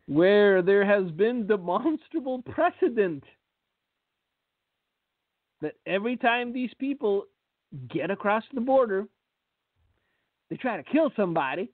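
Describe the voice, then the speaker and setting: A male radio host with a high voice who speaks slowly and bluntly, with a sarcastic edge. His lines often stumble over repeated words, and the sound is dry and tinny, like a phone line. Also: lively intonation, no echo. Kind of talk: radio commentary.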